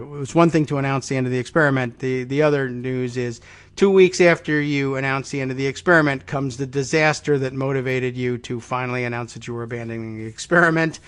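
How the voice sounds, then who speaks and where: Dry sarcastic guy hosting a news podcast, talks in loose stops and starts, medium pitch. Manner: sardonic, musing, many ums and restarts. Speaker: podcast host. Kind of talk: solo news commentary.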